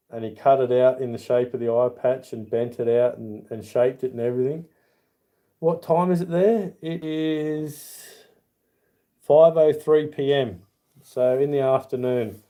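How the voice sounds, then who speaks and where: A man's voice: mid-range voice, dark tone. An Australian man hosting a casual livestream, rambling in a friendly way as he answers chat by name and calls people mate. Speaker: livestream host.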